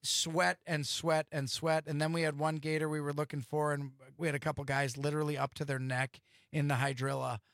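Gravelly, bright-voiced male radio host. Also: a little high, flat delivery, a little fast, no echo, clean studio sound. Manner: enthusiastic storyteller. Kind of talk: casual studio chat.

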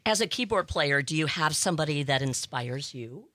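A woman's voice: sits low, animated, normal speed, fairly bright tone. A woman co-hosting a live radio show in the studio, enthusiastic and giggly as she interviews the band. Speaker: radio co-host.

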